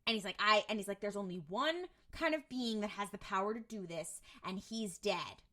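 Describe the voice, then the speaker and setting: A young woman co-hosting a podcast, chatting casually as she recaps an episode and acts out quick quotes from the characters. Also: medium pitch. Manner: animated, retells scenes with quick voiced quotes. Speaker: podcast co-host.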